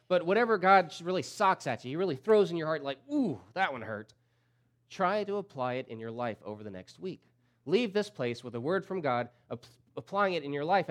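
A man preaching a sermon as pastor, repeating key phrases and swinging from loud emphatic peaks to low, quiet drops.

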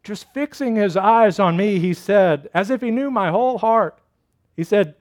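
A male pastor preaches a sermon in a fairly high voice. He tells his story slowly and dramatically, stretching out key phrases. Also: a little mellow.

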